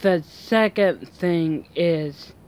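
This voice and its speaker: A woman's voice: lowish voice, very slow, a little mellow. A woman vlogging outdoors at home in a casual, rambling chat full of fillers and restarts.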